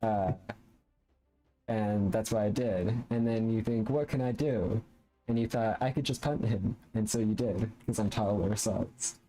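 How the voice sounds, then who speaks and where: A man's voice: lowish voice, fairly even intonation, measured pace, warm tone, poor audio. Rambling man streaming a game. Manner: rambling, playful, filler-heavy. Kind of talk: casual gaming commentary. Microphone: studio condenser mic.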